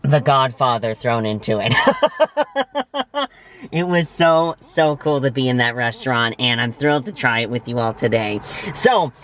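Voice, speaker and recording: Sitting in a parked car, a man hosts a casual food review vlog, gushing emphatically and choosing dramatic words. His voice is mid-range and a bit bright, at normal speed.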